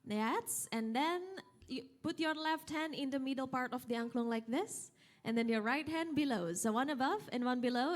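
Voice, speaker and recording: A young woman with an Indonesian accent and Sundanese as her first language leads an audience workshop in a hotel event hall. Her voice sits quite high, lively and coaxing as she counts out beats and calls commands. Faint music drifts in behind her. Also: normal speed. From West Java, Indonesia. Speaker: angklung instructor.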